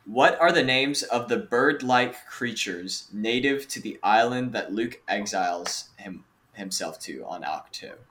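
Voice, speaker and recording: A young man with a bright, forceful voice, pitched a little low, hosting a casual podcast quiz. He is playful, laughs easily and stretches out his questions. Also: animated, unhurried. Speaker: podcast host running a quiz. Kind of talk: casual chat.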